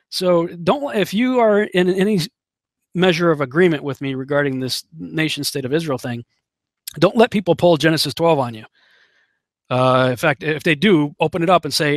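A man's voice: fairly high pitch, animated, normal speed, dry recording. Conversational male Bible teacher, dry sound. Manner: conversational, with many fillers and restarts, reads scripture aloud. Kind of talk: casual sermon teaching.

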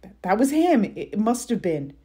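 A woman's voice: on the high side, big pitch swings, moderate pace, mellow, breathy edge, pitched above the performer's own voice. A woman voicing a frightened, wary boy in an urgent, nervous way while reading a children's novel aloud.

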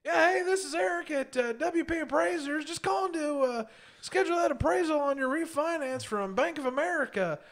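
A man putting on a loud, obnoxious, overly chummy phone voice as a caller. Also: a little fast, hardly any pauses. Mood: brash cheer. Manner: brash, booming, overfriendly.

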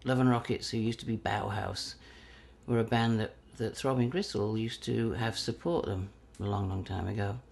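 A man's voice: on the low side, normal speed, gravelly, slightly rough. An English man in his fifties, telling a story in an interview and acting out the voices in it. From England. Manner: animated, acts out quoted voices. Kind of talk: anecdotal storytelling.

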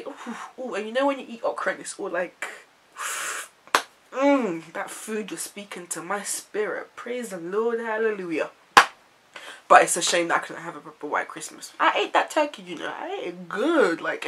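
A young woman, from an Ivorian family, telling a story to camera in a chatty, animated way full of "like"s. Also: lowish voice, a little hiss or hum. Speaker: vlogger.

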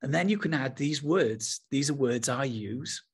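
A man teaching with enthusiasm, then slowing to a soft, unhurried pace to lead a guided meditation. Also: medium pitch, lively intonation, husky. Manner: enthusiastic, then slow and soft when guiding. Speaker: spiritual teacher.

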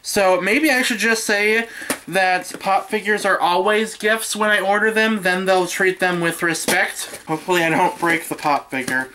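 Young female YouTuber, bright and sharp tone, giddy, squeals and curses casually, filmed at home. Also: mid-range voice, moderate pace, slight background noise. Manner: excitable, squealing and laughing, swears casually. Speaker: YouTuber opening a gift. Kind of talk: casual unboxing vlog. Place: her own room at home. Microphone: camera on a stand in front of her.

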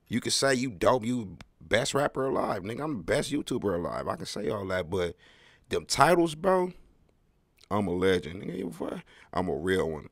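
A man's voice: lowish voice, a bit bright, no echo, clean studio sound. A man hosting his own podcast, talking in a slangy, rambling solo monologue with wry, emphatic storytelling. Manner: slangy, rambling, keeps tagging "bro". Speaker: podcast host.

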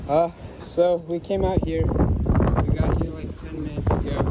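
A man's voice: a little high, very noisy. A man, narrating his own fishing vlog in a laid-back, rambling, apologetic way while out on a boat. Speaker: fishing vlogger. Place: outdoors on the water, on a boat.

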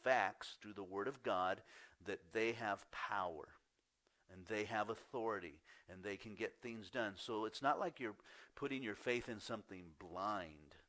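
A man preaching a sermon as pastor. He reads scripture, then talks in a candid, conversational way, his voice rising when he gets excited and dropping soft on key points. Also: fairly low pitch, measured pace. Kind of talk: sermon, scripture reading and personal story.

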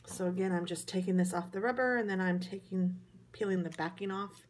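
A woman with a Midwestern accent and a fairly low, slightly fast voice talks over a little hiss or hum. A craft vlogger from the American Midwest, she chats through a card-making tutorial in a hotel room, rambling and poking fun at herself.

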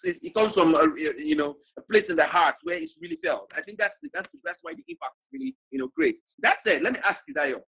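A man hosting an online book discussion, halting and repeating words as he reads out audience comments. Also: high voice, creaky, a bit bright, slightly rough, low-quality recording. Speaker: host and moderator.

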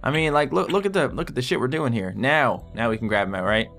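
Gaming host, male, excitable and sweary, forceful bright tone, faint music behind. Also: medium pitch, quick pace. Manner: excitable, swears, yells at the patients. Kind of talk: let's play commentary.

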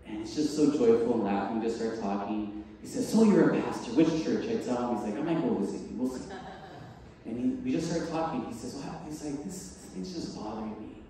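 Lively pastor in an echoey church. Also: male voice, medium pitch, fairly quick, a little hiss or hum. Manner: animated, acts out dialogue, laughs often. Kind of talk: sermon with personal story. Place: church sanctuary. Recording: distant mic in a large echoey hall.

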